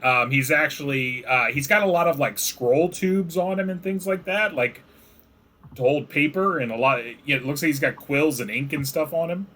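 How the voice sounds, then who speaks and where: A man's voice: medium pitch, sharp tone. A man narrating as game master, describing scenes casually with many fillers.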